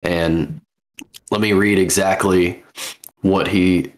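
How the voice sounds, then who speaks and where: A man's voice: sits low, steady tone, slow. A young man co-hosting a podcast, talking bluntly in casual chat with hesitant fillers and free swearing. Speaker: podcast co-host.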